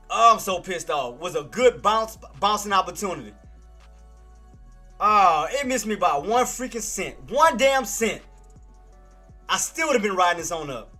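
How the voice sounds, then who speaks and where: A man's voice: high voice, lively intonation, normal speed, pushed and bright, faint music behind. A man hosting a live trading stream, talking straight to his chat, repeating himself and swearing freely. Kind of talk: live market commentary.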